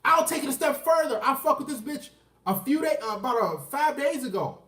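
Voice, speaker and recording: A man's voice: very high voice, expressive, a little fast, a bit bright, far from the mic. A man, ranting crudely on a livestream and answering chat questions. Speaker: dating commentary streamer. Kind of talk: unscripted livestream rant. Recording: roomy echo, off the mic.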